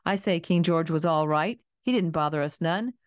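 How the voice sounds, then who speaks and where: A woman's voice: low-pitched, normal speed, dry recording, studio quality, natural voice. A woman voicing a stern, worried farm wife who snaps and scolds in a rural drawl. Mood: scolding.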